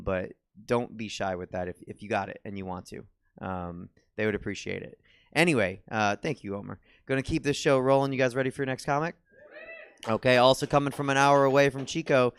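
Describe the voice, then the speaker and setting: A man's voice: on the low side, smooth, dry recording. A young man hosting a comedy show in a small theater, bantering casually with the crowd. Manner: laid-back banter with the crowd. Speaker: show host.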